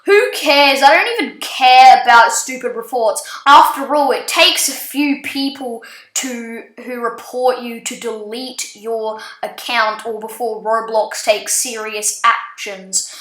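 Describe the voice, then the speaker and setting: A woman's voice: fairly high pitch, slow pace, few pauses, a bit bright, echoey room, voice pushed down, rough recording. A woman quoting a rude online bully in her own voice, scornful and insulting.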